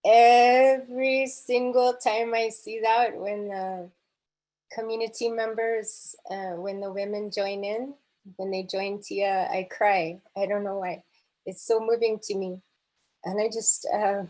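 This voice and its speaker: A woman poet talks slowly over a video call, in a soft and halting way. Her pitch sits in an ordinary middle range. She leaves many pauses and fillers and speaks with open feeling. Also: level tone, rough recording. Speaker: guest poet. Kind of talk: unscripted remarks on a video call.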